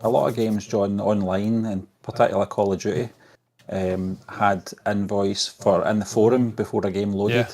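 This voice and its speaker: A man's voice: fairly low pitch, fairly even intonation, moderate pace, darkish tone. A man co-hosting a casual podcast, hesitant and often restarting his sentences. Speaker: podcast co-host.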